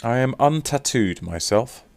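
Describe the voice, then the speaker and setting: A man's voice: mid-range voice, lively intonation, measured pace, vocal fry, dry recording, studio quality. A man chatting casually with viewers on a live stream while signing autographs, teasing and reading out names.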